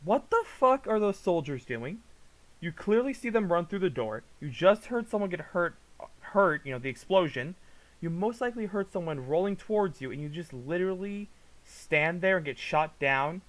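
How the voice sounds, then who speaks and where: Man, slightly higher voice, casual reaction commentary, exasperated and profane, low mutters then loud outbursts. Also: expressive, normal speed, rough recording. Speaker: commentary vlogger.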